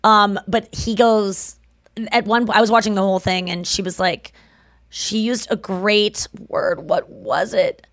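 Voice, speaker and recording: A woman's voice: mid-range voice, steady tone, a little slow, fairly bright tone, no echo, clean studio sound. A woman hosting a podcast in casual chat, chatty and rambling, laughing often. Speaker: podcast host.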